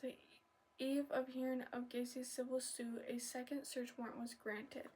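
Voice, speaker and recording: Breathy soft-spoken woman reading ASMR. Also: a little high. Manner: soft reading with stumbles and apologies, slipping into whispers. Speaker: ASMR channel host.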